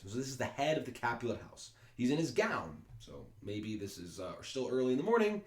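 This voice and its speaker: A man's voice: medium pitch, very animated, a little fast, hardly any pauses. A man teaching Shakespeare in a casual lesson, explaining plainly with fillers and paraphrasing each line. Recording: echoey room.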